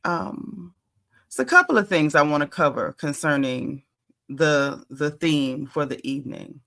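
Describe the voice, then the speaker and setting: A middle-aged woman hosts a casual livestream. Her voice is bright and forward, pitched a little low, and she greets each viewer by name in easy, chatty talk. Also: measured pace, vocal fry. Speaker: livestream host.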